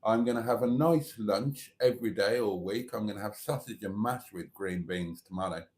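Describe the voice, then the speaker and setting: A man's voice: lowish voice, moderate pace, darkish tone. A middle-aged man, chatting casually on a live stream and reading viewer comments aloud with playful asides.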